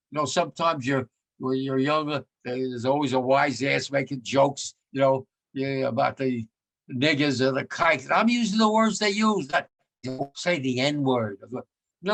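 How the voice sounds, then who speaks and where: A man in his nineties speaks with a gravelly, rough-edged voice at a middle pitch. He talks bluntly and emphatically, repeating his points with rising force, like a veteran addressing young people. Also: fairly bright tone. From United States. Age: 90s. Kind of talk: remembrance talk to students.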